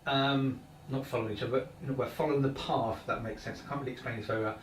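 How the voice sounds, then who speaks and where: A man co-hosting a live studio show, explaining things in a rambling, halting way with many fillers. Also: mid-range voice, steady tone, a little hiss or hum. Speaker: studio co-host. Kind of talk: live paranormal show talk. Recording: roomy studio, mic at a distance.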